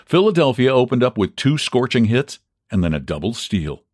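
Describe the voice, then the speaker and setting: Man reading a story with lively expression. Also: medium pitch, moderate pace, no echo, studio quality. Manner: expressive reading, shouting out the fans' cries. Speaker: audiobook narrator. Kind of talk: scripted narration of a classic baseball story.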